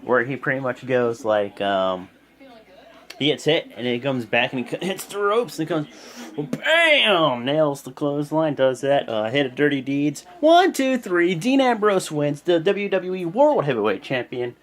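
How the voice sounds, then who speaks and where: A man's voice: mid-range voice, normal speed. A young man giving a rambling, casual video recap of a wrestling show at home, full of fillers. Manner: rambling, animated, lots of fillers. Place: home room with a TV.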